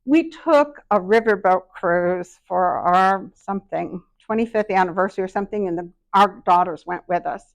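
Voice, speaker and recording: A woman's voice: medium pitch, normal speed, few pauses. A middle-aged woman giving a workshop talk, telling personal stories in a self-deprecating, anecdotal way. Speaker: workshop speaker.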